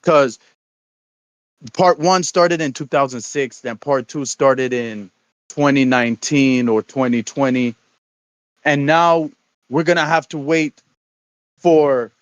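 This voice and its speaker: A man co-hosting a stream, chatting casually in a rambling, halting way and often repeating words. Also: mid-range voice, clean tone, no room sound, low-quality recording. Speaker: stream co-host. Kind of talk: casual chat.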